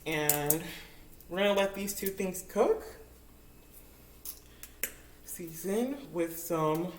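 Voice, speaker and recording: A woman's voice: on the low side, animated, drawn-out words, darkish tone, reverberant, a little hiss or hum. A young woman telling a casual story while she cooks in her home kitchen. She talks in a chatty, giggly way, full of likes and ums, and is picked up by a camera on a makeshift tripod. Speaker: cooking vlogger.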